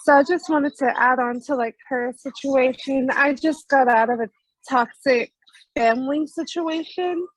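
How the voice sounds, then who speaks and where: A woman participant sharing a personal story in a class, talking haltingly with frequent fillers. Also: sits high, dry recording, poor audio.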